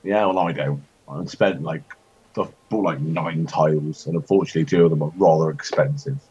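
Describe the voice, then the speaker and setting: A man chatting and joking while playing a strategy game, rambling, with sudden high-pitched outbursts. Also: fairly even intonation, fairly quick, mellow, husky. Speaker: co-host of a gaming chat show. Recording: dull lo-fi home recording.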